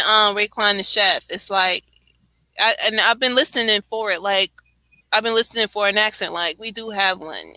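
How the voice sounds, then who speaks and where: A woman with a New York accent chatting casually on a late-night show, animated and rambling, laughing often. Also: medium pitch, no echo, poor audio. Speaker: co-host.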